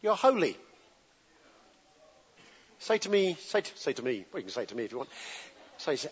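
High-voiced preacher in an echoing church hall. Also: male voice, very animated, a little fast, pauses often, a bit bright, a little hiss or hum. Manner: conversational, asks the congregation to answer back. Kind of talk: sermon. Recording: dull lo-fi recording with long hall reverb.

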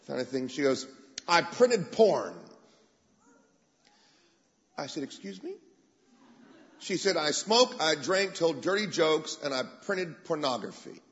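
A man's voice: mid-range voice, creaky. A man preaching, telling stories and acting out the people he quotes. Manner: animated, acts out quoted voices. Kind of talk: sermon storytelling. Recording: dull sound with long hall reverb.

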